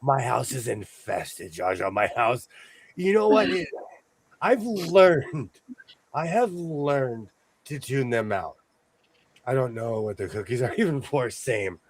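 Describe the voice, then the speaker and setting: A man hosting a sewing show, chatting casually with playful, animated storytelling. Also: mid-range voice, slow pace. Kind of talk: casual livestream chat.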